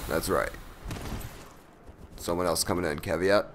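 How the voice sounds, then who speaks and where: A man giving live commentary over his own gameplay, excitable and profane, breaking from low muttering into loud yelps. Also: measured pace, a little hiss or hum.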